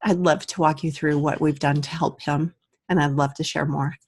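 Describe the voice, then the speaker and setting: A woman's voice: low voice, steady tone, normal speed, a little mellow, slightly rough. A woman in her thirties, an aromatherapist, earnestly telling a personal story to the camera. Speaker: aromatherapist and vlogger.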